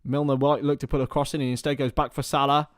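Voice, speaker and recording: Football fan commentator, young adult, casual chatty tone, dry sound, loud excited shouts at big moments. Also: male voice, mid-range voice, fast talker, dry recording. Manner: partisan, rises to excited shouts at chances. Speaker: watchalong commentator, Liverpool fan. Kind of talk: live fan commentary with chat.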